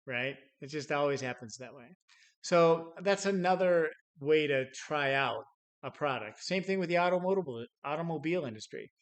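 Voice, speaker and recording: A man's voice: medium pitch, moderate pace. Middle-aged man, sales trainer, loose storyteller who restarts phrases and chuckles. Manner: storytelling with acted-out quotes and chuckles; many restarts and repeated words. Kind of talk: unscripted teaching talk.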